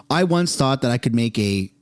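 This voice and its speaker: Excitable man reacting live, voice swooping. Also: mid-range voice. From Canada. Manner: excitable, exclaiming and swearing. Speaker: streamer reacting to political clips.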